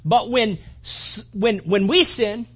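Husky-voiced man preaching a casual sermon. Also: high-pitched, slow. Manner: animated, with acted-out asides and repeated restarts. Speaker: pastor. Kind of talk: conversational sermon.

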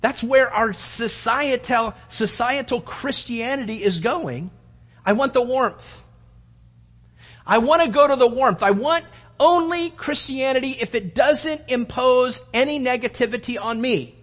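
A male pastor preaching a sermon with fervor, repeating phrases for emphasis and swinging between loud and soft. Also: extremely high pitch, unhurried. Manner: fervent, repeats phrases for emphasis, rising and falling delivery. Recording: dull lo-fi sound with long hall reverb.

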